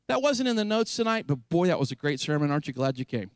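Animated male preacher, dry close sound. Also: a little high, quick pace, smooth, dry recording. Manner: animated, emphatic preaching with paraphrased quotes. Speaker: pastor. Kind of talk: sermon.

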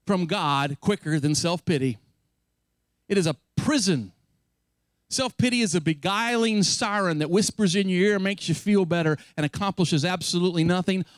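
A man with a high, light voice preaches a sermon, retelling scripture with dramatic flair. The sound is dry and close, with no room echo. He shifts his delivery to act out the story. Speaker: pastor.

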